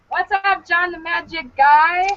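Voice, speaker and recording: Very high-voiced giggly woman. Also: fairly bright tone. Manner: giggly, teasing. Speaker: podcast co-host. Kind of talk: casual chat. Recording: dull lo-fi recording.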